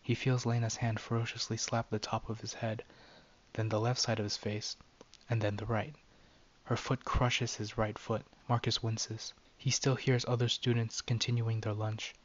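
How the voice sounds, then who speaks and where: A man narrating a short story in a steady, even dramatic reading. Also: fairly low pitch, moderate pace, highs cut off.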